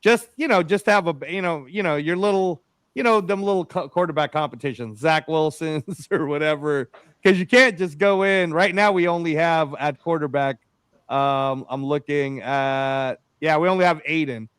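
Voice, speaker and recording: Man, podcast host, high voice, dry sound, animated rambling talk. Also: normal speed, clear, resonant tone, no room sound. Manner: animated, rambling, says "bro" and "man" a lot. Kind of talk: casual sports podcast chat.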